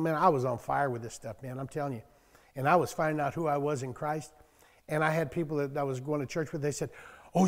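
A man's voice: a little high, big-room sound. A man in his sixties preaching a conversational sermon to a small church, telling homespun stories and raising his voice for bursts of scripture. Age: 60s. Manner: folksy, storytelling, bursts of loud emphasis on scripture. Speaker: pastor.

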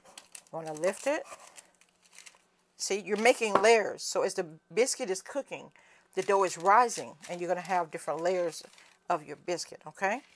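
A woman's voice: on the low side, normal speed, pauses often, a little hiss or hum. A woman with a Southern US accent, chatting folksily through a home cooking demonstration and calling viewers honey and cousin.

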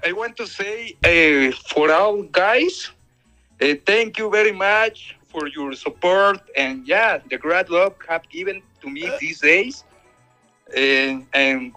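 Shy halting man on a call. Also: high-pitched, rough recording. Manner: shy, halting, soft-spoken. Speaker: guest caller. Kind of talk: casual call on stream.

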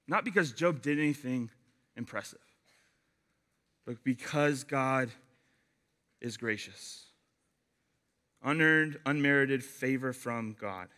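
A young man giving a casual youth sermon, chatty and animated, telling stories with lots of fillers. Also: a little high. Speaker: youth pastor.

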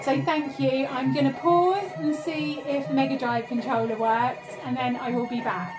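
A high-pitched woman chatters through an unboxing and a retro game, gushing and squealing with delight. Faint game music plays behind her voice. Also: fairly even intonation, normal speed, few pauses. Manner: gushing, squealing, laughing often. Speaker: retro gaming vlogger. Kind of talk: excited unboxing and gameplay chat. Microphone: phone.

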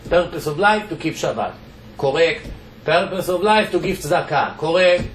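A man's voice: on the high side, animated, normal speed. A man with an Israeli accent, a rabbi giving a Torah lecture to a congregation, emphatic and firing off rhetorical questions that he answers himself. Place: lecture hall. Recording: echoey hall with faint background noise.

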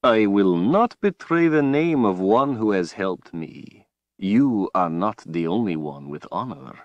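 A defiant young hero, as a man reads him in an audiobook, blunt and clipped, his low voice rising in anger. Dry, close recording with no room sound. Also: expressive, a little slow, dry recording, dull audio. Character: defiant young male woodsman hero, stubborn and angry. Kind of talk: audiobook character voice.

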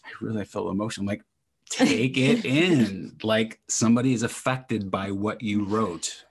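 Deep, gravelly man hosting a chat. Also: fairly even intonation, fairly quick. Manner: rambling, filler-heavy, encouraging. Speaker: podcast host. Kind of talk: casual interview chat.

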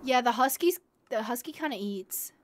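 A woman's voice: a little high, lively intonation, moderate pace, a little hiss or hum. A young woman streaming a game live, chatting to viewers and gushing and squealing over cute animals.

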